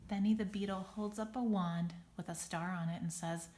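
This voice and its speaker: A woman reading a children's story aloud in clear, even storytelling. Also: mid-range voice, normal speed. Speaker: storybook reader.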